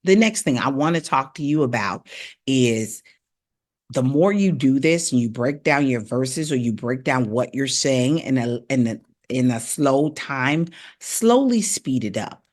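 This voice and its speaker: Lady vocal coach on a live stream, chatty, keeps repeating stuff, raps drills out loud. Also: very deep voice, expressive, a little slow. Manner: encouraging, repetitive, rapping drills aloud.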